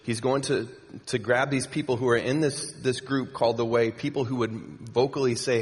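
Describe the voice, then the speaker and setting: A man's voice: mid-range voice, steady tone, fairly quick, few pauses. Guy preaching, chatty, lots of ums and restarts, big echoey church hall. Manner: conversational, with many fillers and repeats. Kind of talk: sermon. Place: church sanctuary. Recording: long hall reverb.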